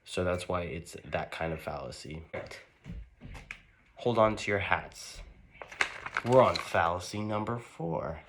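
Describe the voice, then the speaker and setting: Young man, deep voice, casual rambling explainer, lots of "like". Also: takes it slowly, long pauses, fairly bright tone, slight background noise. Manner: loose and rambling, heavy on "like" and restarts.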